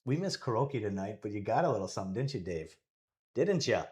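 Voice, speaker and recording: A man's voice: lowish voice, very animated, fairly quick, a little mellow. A man giving casual live commentary on a pool match, rambling and joking as he thinks aloud about the shots.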